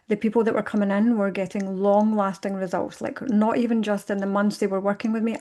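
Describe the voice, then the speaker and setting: A woman in conversation, telling her own story reflectively and acting out her past thoughts in lively bursts. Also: medium pitch. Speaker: podcast guest.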